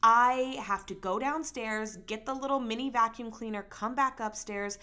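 A young adult woman hosting her own podcast, chatting casually and rambling with animated bursts of emphasis. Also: a little high, moderate pace, clean tone. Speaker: podcast host. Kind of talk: casual solo podcast chat.

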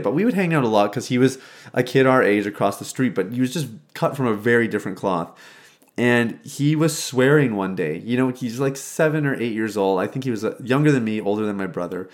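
A man in his thirties telling a personal recovery story in a reflective, conversational way, with frequent restarts, recorded in his old childhood bedroom. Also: fairly low pitch. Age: 30s. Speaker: faith-based recovery speaker.

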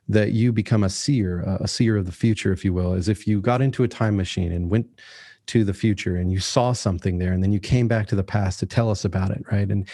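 A man's voice: fairly low pitch, dark tone, dry recording, clean studio sound. A man in his forties, a guest on a podcast, talking casually and earnestly with many restarts and acted-out quotes. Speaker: podcast guest, author and tech founder.

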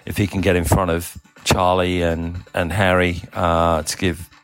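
A middle-aged man with a low voice and an accent that blends Australian, South African and English sounds. He talks loosely and casually in an audio diary, often pausing on um and uh. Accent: mixed Australian, South African and English. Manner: relaxed, rambling, many ums and uhs. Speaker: cycling team manager.

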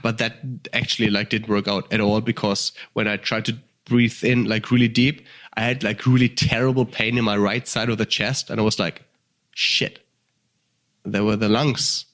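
A man's voice: brisk, few pauses. A man from Germany with a German accent, telling a story in casual conversation, swearing freely and full of fillers. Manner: animated, acts out voices with sudden high pitch jumps. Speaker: guest.

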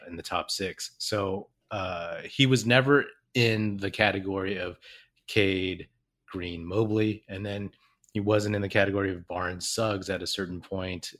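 A man co-hosting a casual sports podcast, excitable, laughing often and restarting his sentences. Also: low voice. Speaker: podcast co-host.

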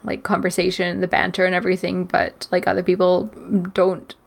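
A young woman co-hosting a podcast in casual chat, quick and upbeat with lots of fillers like "like" and "um". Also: lowish voice, monotone, creaky. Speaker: podcast co-host.

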